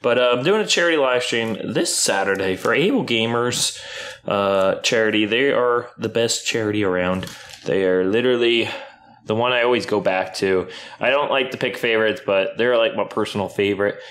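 A man chatting casually on camera while playing with his puppy, playful, often jumping up into high baby-talk at the dog. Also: normal speed, fairly bright tone. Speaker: YouTuber filming his dog. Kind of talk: casual vlog chat with a puppy.

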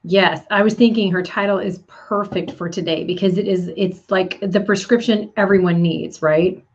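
A woman's voice: medium pitch, fairly even intonation, moderate pace, husky. A woman co-hosting a talk show, laughing often and chiming in with playful remarks. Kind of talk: casual chat. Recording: dull lo-fi audio.

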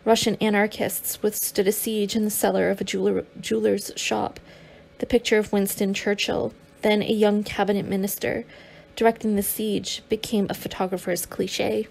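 Gravelly-voiced woman narrating an audiobook. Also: medium pitch, little pitch movement, moderate pace, a little mellow. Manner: reads with occasional stumbles and restarts.

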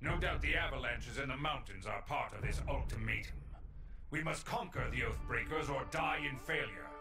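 A man's voice: medium pitch, normal speed, over music, natural voice. An actor playing a grim, blunt male war general giving stern orders. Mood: grim commanding. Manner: grave, commanding.

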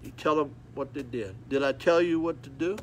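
A man preaching a sermon, folksy and repetitive, telling stories with animated acted-out moments. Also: a little high, brisk, a little hiss or hum.

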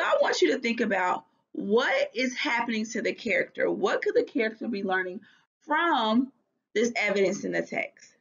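A woman's voice: on the high side, sing-song, moderate pace, creaky, fairly bright tone, breathy edge. A woman teacher giving a recorded reading lesson, patiently asking guiding questions. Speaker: third grade teacher. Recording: dull lo-fi recording.

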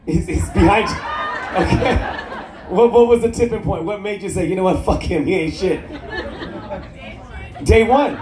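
A man's voice: high-pitched, normal speed, background noise. A man doing crowd-work stand-up on a cruise ship, teasing the audience with profane jokes and laughing at his own lines. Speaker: stand-up comedian. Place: cruise ship comedy club. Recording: echoey room, loud crowd laughter.

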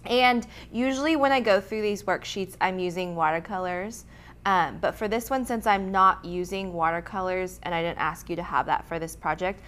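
A young woman hosting a casual art lettering tutorial, chatty and quick to laugh, with frequent ums and restarts. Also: medium pitch, a bit bright. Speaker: art instructor and host.

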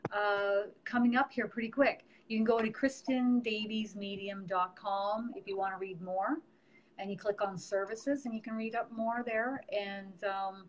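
Hosting a casual live stream, a middle-aged medium chats about her work with plenty of fillers, her manner warm and teacherly. She speaks at a medium pitch, and the recording is low quality.

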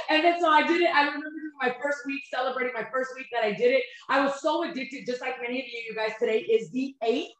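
High-pitched thirties woman coach, upbeat and chatty, big echo. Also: quick pace, few pauses, a bit bright. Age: 30s. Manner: upbeat, repeats "you guys" and "right?". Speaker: nutrition coach. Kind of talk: motivational webinar talk. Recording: very echoey room.

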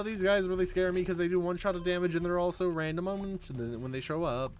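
A man giving jokey, animated gameplay commentary as a YouTuber, talking back at the game, with faint game music behind him. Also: high voice, quick pace, slight background noise. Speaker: gaming YouTuber.

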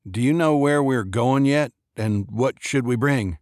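A man's voice: medium pitch, unhurried, darkish tone, no room sound, studio quality, lightly acted. A man voicing a nervous, polite young man who speaks hesitantly and deferentially.

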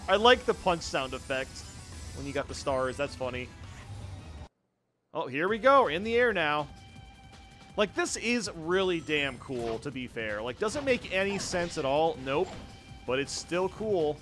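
An excitable young man talks through a video game with a high, bouncy voice that leaps all over the place. His tone is bright and sharp, and he breaks into yelps and laughs at the screen. Faint game music plays behind him. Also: a little slow, pauses often. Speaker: gaming YouTuber. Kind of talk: casual let's play commentary.

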